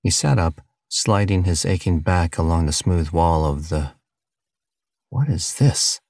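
A man reading a novel aloud as audiobook narrator, in steady, scripted storytelling delivery. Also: low-pitched, normal speed, gravelly, no echo, studio quality.

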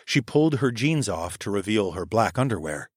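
Man, audiobook narrator, low voice, steady first-person reading, dry close sound. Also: moderate pace, slightly rough, dry recording.

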